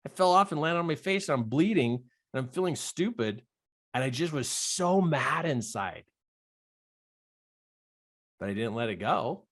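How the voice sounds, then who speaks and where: A man's voice: unhurried, long pauses. A middle-aged man, a life coach, telling a personal story in a coaching talk and acting out the dialogue with big jumps in his voice. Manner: animated storyteller, acts out quoted dialogue with big pitch jumps.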